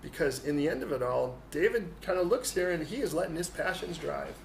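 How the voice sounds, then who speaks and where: Male pastor, high voice, lively funny sermon, roomy hall with faint hiss. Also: brisk, creaky. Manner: animated, humorous storytelling. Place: church hall. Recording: echoey hall, faint noise.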